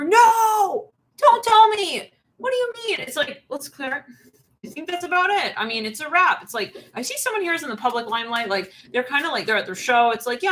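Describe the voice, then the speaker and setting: Bright-voiced woman giving a spirited reading. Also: a little high, slight background noise, poor audio. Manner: animated, acts out quoted voices and laughs. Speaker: tarot reader. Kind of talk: channeled reading monologue.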